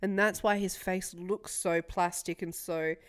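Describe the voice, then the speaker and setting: A woman's voice: fairly low pitch, fairly even intonation, measured pace, smooth. A young woman co-hosting a podcast, rambling through a story in casual chat, swearing freely and laughing often. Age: young adult. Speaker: podcast co-host.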